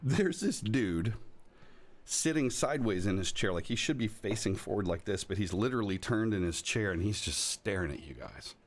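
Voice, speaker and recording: Deep-voiced man running a tabletop game. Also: lively intonation, normal speed. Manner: rambling, jokey, many fillers and restarts. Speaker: game master.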